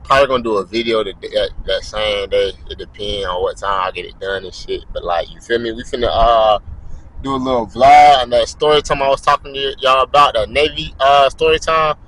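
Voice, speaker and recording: A man's voice: medium pitch, a little fast, slight background noise, poor audio. A young man casually telling stories and chatting in a vlog, profane and full of slang. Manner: profane, animated slang-heavy talk. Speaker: vlogger.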